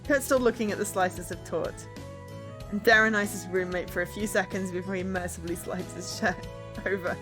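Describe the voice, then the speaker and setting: A woman's voice: medium pitch, fairly even intonation, normal speed. Brief: female streamer, playful reader of game text, joking asides, faint music underneath. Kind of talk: reading a visual novel aloud with commentary.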